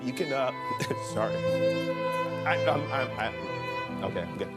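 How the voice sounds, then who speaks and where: A man's voice: medium pitch, expressive. Choked-up man speaking over violin music. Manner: halting, apologetic. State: choked up, fighting tears. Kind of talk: emotional public speech. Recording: speech clip over string music.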